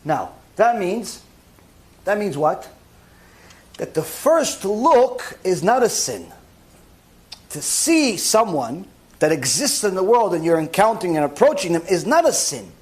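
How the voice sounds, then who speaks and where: Male rabbi, lively sermon, high voice, acts out mock dialogues. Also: a little slow, pauses often. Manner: animated, acts out little scenes with mock dialogue. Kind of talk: sermon lecture.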